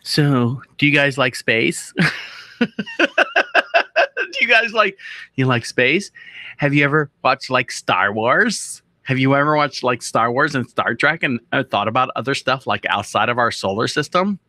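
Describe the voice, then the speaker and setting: A man's voice: medium pitch, lively intonation, a little slow, pushed and bright, dry recording. A man hosting a casual solo talk show, rambling through topics with jokey asides and frequent restarts. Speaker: podcast host. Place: radio studio.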